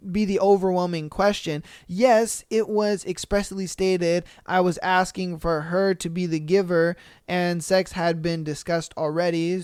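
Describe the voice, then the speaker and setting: A man hosts a podcast, reading listener posts and breaking off into loud, swearing reactions. His voice is smooth and clean. It sits close and dry on the mic with no room around it. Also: sits high, no room sound. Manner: animated, profane, mock-outraged asides. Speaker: podcast host.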